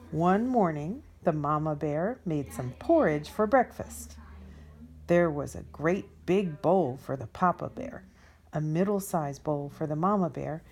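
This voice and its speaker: An expressive woman reads a children's story aloud. She takes her time, and her low voice moves widely up and down. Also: slight background noise.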